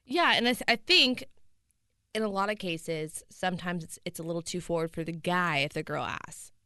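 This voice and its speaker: A woman's voice: lowish voice, animated, moderate pace, bright, forceful tone, clear, resonant tone, no echo, clean studio sound. A woman in her twenties with a slight lisp, co-hosting a casual chat podcast in a playful, teasing way. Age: 20s. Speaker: podcast co-host.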